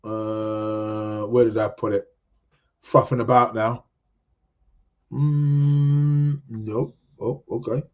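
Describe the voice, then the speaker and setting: A man's voice: medium pitch, little pitch movement, drawn-out words, highs cut off. A man hosting an astrology podcast, chatting casually and reading out viewer comments in a rambling, joking way. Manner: rambling, jokey, self-interrupting.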